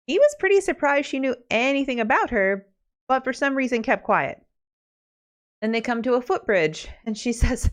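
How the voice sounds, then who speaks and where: A woman host retelling an old fairy tale in a loose, chatty manner. Her voice sits fairly high, and she breaks off into joking asides. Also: sing-song, normal speed. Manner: chatty, laughs between asides. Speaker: podcast host.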